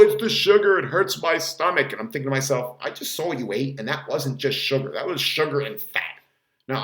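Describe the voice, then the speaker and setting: A man who works as a fitness trainer, giving blunt, casual advice. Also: fairly high pitch. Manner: blunt, animated, acts out quotes in loud voices. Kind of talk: casual talking-head advice. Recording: echoey room.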